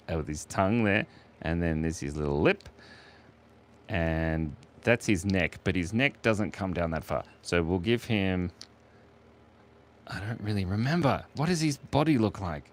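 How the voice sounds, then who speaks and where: A man with an Australian accent, casually chatting and joking with his chat while he draws. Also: sits low. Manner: playful, jokey, reads chat aloud and laughs often. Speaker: streamer drawing live for chat. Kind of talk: casual live drawing stream.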